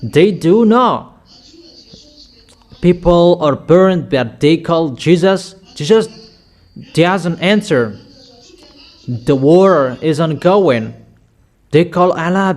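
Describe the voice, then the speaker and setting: A man preaching a sermon in halting, repetitive English, delivering emphatic commands and addressing his listeners as children. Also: fairly high pitch, darkish tone. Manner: halting non-native English with repeated phrases.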